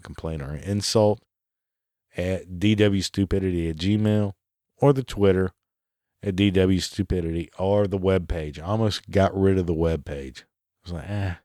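A man's voice: low-pitched, normal speed, a little mellow, no room sound, studio quality. A man hosting a solo podcast, ranting sarcastically and swearing often. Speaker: podcast host.

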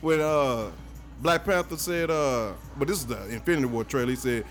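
A man speaking as a guest photographer in casual podcast chat, animated and swearing freely. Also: medium pitch, moderate pace, soft background music.

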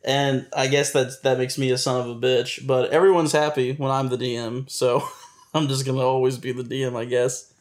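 A man's voice: mid-range voice, little pitch movement, normal speed. A man chatting casually and at length, self-mocking and laughing as he talks. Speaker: game master and podcast co-host. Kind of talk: casual chat.

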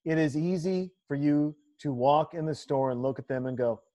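A man's voice: fairly high pitch, normal speed, dark tone. A man hosting a casual podcast, talking emphatically with crude jokes and riffs. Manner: emphatic, profane, riffing banter. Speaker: podcast host. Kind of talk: casual chat.

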